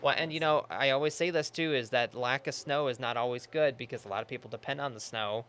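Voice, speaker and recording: A man's voice: medium pitch, quick pace, smooth. Chatty young male TV meteorologist. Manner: relaxed, chatty, many fillers. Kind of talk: casual on-air weather chat. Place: TV news studio.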